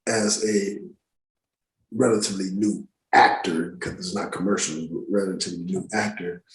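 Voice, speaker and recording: Profane, animated male actor in a roomy studio. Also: sits low, moderate pace. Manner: profane, animated anecdote-telling with slang. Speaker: actor guest. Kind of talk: casual storytelling interview. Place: podcast studio room.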